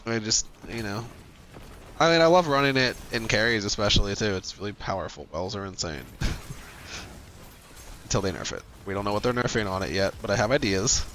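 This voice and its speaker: A man's voice: lowish voice, animated, normal speed, a bit bright, a little hiss or hum. A man streaming a game, talking casually with a teammate, joking and laughing often. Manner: chatty, laughs often, jokey. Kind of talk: casual gaming chat.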